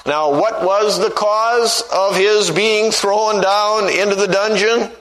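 A man's voice: high-pitched, fairly even intonation, slow pace, fairly bright tone, slight background noise, low-quality recording. A man preaching a sermon who tells stories and acts out the voices he quotes, and reads scripture in old-fashioned wording.

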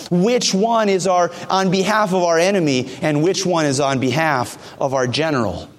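A man with a high-pitched voice delivers an earnest, emphatic sermon. He acts out quoted voices as he preaches, and his words ring with a long hall reverb.

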